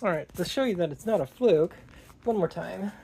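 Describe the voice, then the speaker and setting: A woman's voice: fairly low pitch, animated, moderate pace, gravelly, noisy background. A woman working on her car in a garage, talking to herself and swearing in casual vlog narration. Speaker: car vlogger. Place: garage, indoors.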